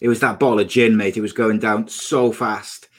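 A man's voice: on the low side, steady tone, moderate pace. A young man hosting a casual live podcast, upbeat and chatty as he reads out viewer comments. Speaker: podcast host.

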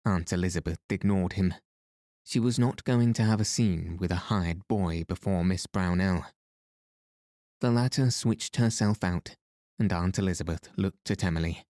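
A man narrating a novel as an audiobook in a measured, even reading voice. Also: low-pitched, no room sound, studio quality. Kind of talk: scripted narration.

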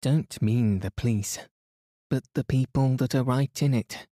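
A man's voice: medium pitch, unhurried, dark tone, no room sound, studio quality, voice pushed up, lightly acted. A man putting on a curt, blunt lady. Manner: clipped, curt phrases. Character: brisk blunt middle-aged Englishwoman.

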